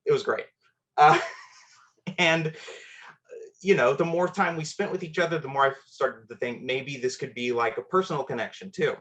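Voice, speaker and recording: A man's voice: medium pitch, moderate pace, long pauses, a bit bright. A man telling a personal story on a storytelling show, conversational and self-deprecating, with fillers.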